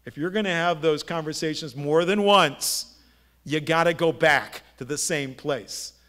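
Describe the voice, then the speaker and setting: A middle-aged pastor delivers a sermon in a fairly high male voice. He preaches like he is telling stories to friends and keeps tossing rhetorical questions at the congregation. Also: unhurried, a bit bright. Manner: conversational storytelling with rhetorical questions. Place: church sanctuary.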